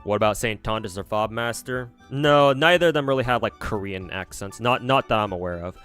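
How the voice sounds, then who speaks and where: A man's voice: lowish voice, fairly quick, a bit bright, clear, resonant tone, faint music behind. A man with an American accent, chatting casually on a livestream and answering viewers in a rambling, hesitant way with frequent restarts and casual swearing. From United States. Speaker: streamer.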